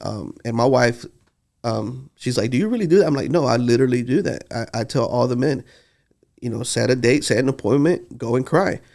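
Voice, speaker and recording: A man's voice: mid-range voice, steady tone, moderate pace, gravelly, a little mellow. A man, telling heartfelt stories in a casual podcast conversation. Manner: earnest, heartfelt storytelling. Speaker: podcast co-host.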